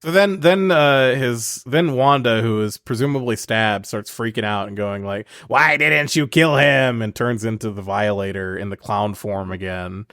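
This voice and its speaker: A man co-hosting a podcast, riffing on a film in a casual, animated way, often laughing in disbelief. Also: lowish voice, normal speed, hardly any pauses, dry recording, studio quality. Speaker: podcast co-host. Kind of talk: casual movie recap chat.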